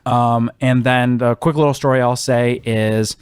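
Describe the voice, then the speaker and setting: A young man casually telling a funny travel story on a podcast, animated, laughing often, with many ums. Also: medium pitch, measured pace, clean tone, no echo, clean studio sound. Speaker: podcast co-host.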